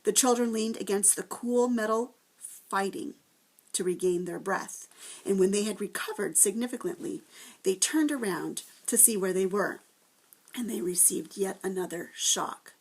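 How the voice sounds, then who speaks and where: A woman teacher reading a chapter book aloud to first graders, with gentle, expressive storytelling. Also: mid-range voice, normal speed.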